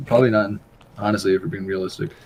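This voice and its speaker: A man's voice: on the low side, fairly even intonation, very fast, darkish tone, slight background noise. A young man co-hosting a casual podcast chat, laid-back, laughing often and swearing casually. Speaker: podcast co-host.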